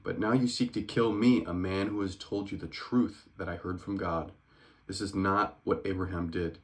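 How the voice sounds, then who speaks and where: A man reading the words of Jesus aloud from scripture in a plain, earnest way, close to his own voice, sometimes quickening. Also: low-pitched, steady tone, lightly acted. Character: Jesus, grown man, calm teacher.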